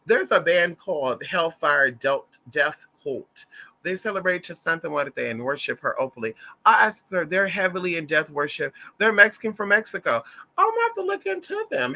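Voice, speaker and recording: A man from Southern Louisiana hosts a casual livestream, gossiping and storytelling with a campy, profane flair. His voice sits a touch high and carries a piercing brightness. It swoops widely as he calls his viewers honey. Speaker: livestream host reading chat.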